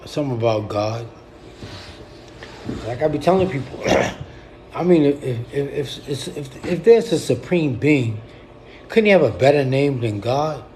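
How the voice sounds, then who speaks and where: A middle-aged man rants casually to viewers of his livestream. His voice sits at an ordinary pitch with a mellow, dark tone, and a faint hiss of noise lies underneath. He talks bluntly and swears freely, often circling back to repeat his points. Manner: blunt, profane and repetitive, speaking to viewers. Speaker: poet and livestreamer.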